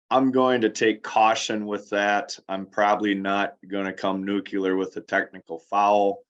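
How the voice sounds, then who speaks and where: A male referee speaking in a measured, cautious way with hesitant fillers, heard over lo-fi call audio. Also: fairly low pitch, a bit bright. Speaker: basketball referee on a panel. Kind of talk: instructional talk on officiating.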